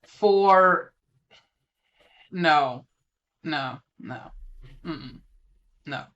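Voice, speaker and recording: A podcast co-host with a lisp, chatting casually about films and often pausing on ums. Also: medium pitch, fairly bright tone, highs cut off. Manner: hesitant, lots of ums. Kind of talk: casual film chat.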